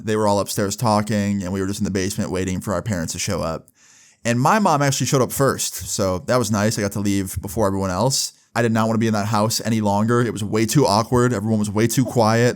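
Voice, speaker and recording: A young man telling a storytime vlog in a casual, profane way, with lots of filler words. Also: fairly low pitch. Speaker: vlogger.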